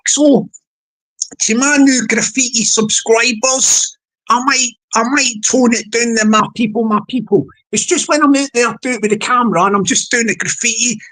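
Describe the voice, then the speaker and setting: A woman's voice: a little high, fairly bright tone, poor audio. A woman hosting a livestream, talking in a rambling, playful, sing-song way that often repeats itself. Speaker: livestream host. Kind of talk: rambling casual livestream monologue.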